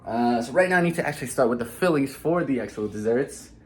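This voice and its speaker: A man's voice: medium pitch, lively intonation, fast, a little hiss or hum. A young man talking casually while cooking in his home kitchen, swearing now and then. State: groggy morning voice. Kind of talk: casual vlog narration.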